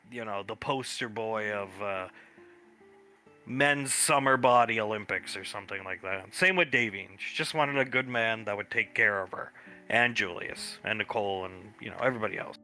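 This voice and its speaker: A man's voice: lowish voice, moderate pace, bright, forceful tone, soft background music. A man chatting in character during a tabletop role-play, telling a story with laughs and narrating his own actions.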